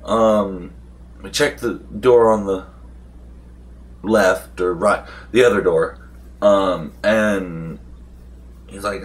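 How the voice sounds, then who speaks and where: Slow, low-voiced man rambling through a game recap. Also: steady tone. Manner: loose storytelling with many fillers and restarts. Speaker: vlogger recapping a tabletop game session.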